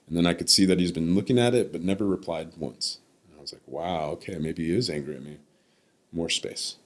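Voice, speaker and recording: A podcast guest in his thirties tells a personal story, pausing to think and sometimes acting out what others said. His voice sits very low, with a husky, slightly breathy grain to it. He sounds reflective rather than showy.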